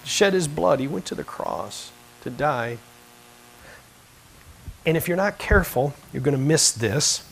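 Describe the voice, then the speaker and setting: A male pastor with a somewhat husky, slightly raised voice, delivering a church sermon. He builds to fervent, emphatic climaxes and then drops back to low, chatty asides. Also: lively intonation, measured pace, long pauses, rough recording. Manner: rising to emphatic, impassioned peaks, then dropping to quiet, conversational asides. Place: church sanctuary.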